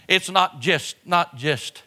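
In an auditorium full of listeners, a man preaching as pastor speaks slowly yet with passion, his sermon shifting from hushed lows to loud outbursts. He keeps repeating words and restarting his phrases.

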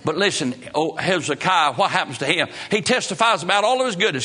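A man preaching a sermon, swinging from hushed lows to high, impassioned peaks, with folksy grammar. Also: lively intonation, a little fast, few pauses. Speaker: pastor.

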